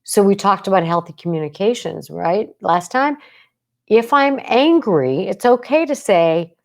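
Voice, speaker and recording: A woman's voice: mid-range voice, lively intonation, unhurried, creaky. A woman psychologist hosting a podcast, talking casually and intensely, checking in with "right?" and acting out quoted lines of speech. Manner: intense, emphatic, with frequent "right?" check-ins. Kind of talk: casual talk.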